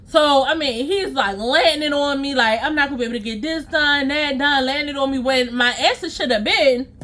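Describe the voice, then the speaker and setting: High, bright-voiced woman telling a story. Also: moderate pace. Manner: animated, slangy, laughs at herself. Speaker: storytime vlogger. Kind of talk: casual storytelling to camera.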